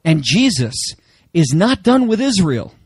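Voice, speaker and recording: A man from Germany delivers an emphatic sermon, often asking his congregation rhetorical questions. His voice sits high for a man. The sound is dry and close, with no room echo. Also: big pitch swings, measured pace, husky. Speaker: pastor.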